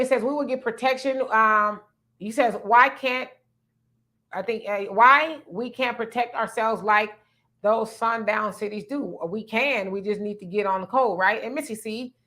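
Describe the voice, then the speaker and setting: A woman's voice: mid-range voice, moderate pace, bright, forceful tone. A woman hosts a live stream, calling out viewers and reading their comments before giving her own take. She talks in an easy, conversational way, in a voice that sits in the middle of the female range. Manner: reads viewer comments aloud and responds conversationally. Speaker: livestream host reading chat. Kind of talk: casual livestream chat.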